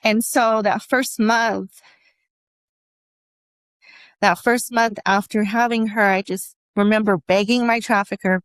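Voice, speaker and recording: A woman giving emotional personal testimony as an interview guest, speaking earnestly and haltingly with many restarts. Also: mid-range voice, steady tone, no room sound.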